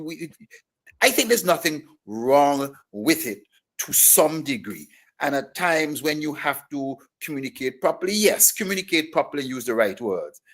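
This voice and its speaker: A man talking on a radio show, his speech full of repeated starts as he works out his point. His voice is fairly high for a man. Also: a bit bright. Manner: repeats and restarts words, thinking aloud. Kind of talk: discussion on radio.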